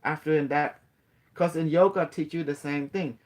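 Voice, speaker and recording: A man's voice, a little high, with fairly even intonation and normal speed, carries a casual spiritual talk. It's rambling and repetitive, he keeps checking in with questions for the listener, and he sometimes breaks into playful chanting.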